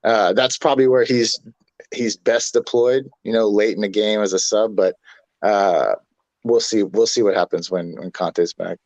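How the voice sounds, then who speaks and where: A man hosting a casual football chat in a relaxed way, laughing often and hedging his opinions. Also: on the low side, normal speed, dry recording, dull audio.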